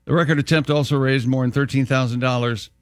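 A man on a radio show reading sports and news items, brisk and joking between scores. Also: medium pitch, steady tone, clear, resonant tone, dry recording, studio quality.

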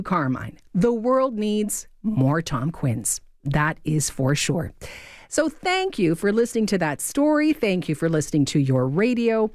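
A woman's voice: fairly low pitch, darkish tone, no room sound. A woman hosting an afternoon radio show, reading a listener's email aloud in a heartfelt way, moved to tears, on a studio microphone. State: tearing up. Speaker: radio host. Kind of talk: radio host talk between songs.

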